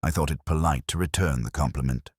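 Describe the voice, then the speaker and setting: A man's voice: extremely low pitch, brisk, husky, dry recording, clean studio sound. A man reading the lines of a guarded woman on a phone call, cool and clipped.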